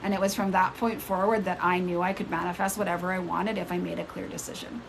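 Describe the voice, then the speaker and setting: A woman telling a personal story on a casual live stream. She retells it in an animated way and jumps up in pitch when she acts out the people in it. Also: fast talker, gravelly, a little hiss or hum, rough recording. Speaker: spiritual storyteller. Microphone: phone mic on a live stream.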